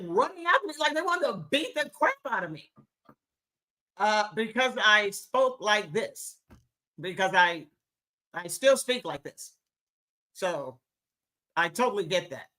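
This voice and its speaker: Woman, live talk-show host, slow emphatic delivery, affectionate, bright voice. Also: mid-range voice. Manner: affectionate, calls listeners baby and honey.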